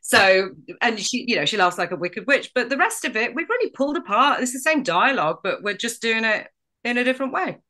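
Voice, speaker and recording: A woman's voice: fairly high pitch, big pitch swings, fairly quick, sharp tone. A middle-aged woman stage actress chatting as a podcast guest, enthusiastic and full of asides and restarts. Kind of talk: casual podcast chat.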